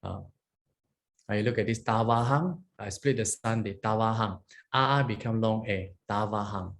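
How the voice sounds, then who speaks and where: A man leads a Pali grammar lesson in a patient, explanatory way. He often asks "huh?" and "okay?" as he goes, and he chants the Pali lines slowly and carefully. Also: lowish voice, a bit bright. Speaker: monastic teacher.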